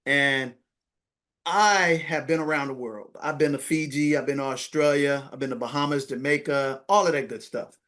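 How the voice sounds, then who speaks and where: A man who is a podcast guest, telling a story in an animated way and acting out the dialogue. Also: mid-range voice, moderate pace. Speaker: podcast guest, money coach. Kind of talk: storytelling interview.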